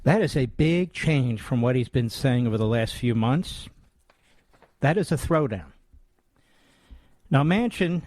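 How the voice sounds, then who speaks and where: A man's voice: mid-range voice, darkish tone, no room sound. A talk radio host in his sixties holds forth in a combative, scornful tone. His voice sits mid-range and is recorded close and dry, with no room sound. He leans hard on key words. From United States. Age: 60s.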